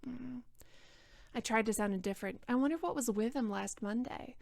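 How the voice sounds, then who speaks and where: A woman's voice: fairly high pitch, moderate pace, creaky, no echo, studio quality. A tipsy young woman reading a book aloud and roasting it, sarcastic and rambling, often restarting her sentences. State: tipsy from wine. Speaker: book reader and commentator.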